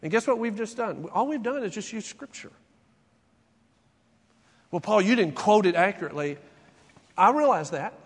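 A pastor preaching to his congregation in a high voice. He talks conversationally, full of rhetorical questions and acted-out exchanges. His words ring with a long reverb through a big church hall. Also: animated, moderate pace, pauses often. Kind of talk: sermon. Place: church sanctuary.

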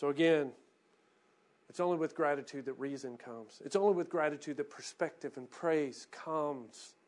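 A pastor delivers a sermon in a fairly high voice. He drops into quiet, reflective passages and then builds to emphatic, rising calls to his congregation. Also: moderate pace.

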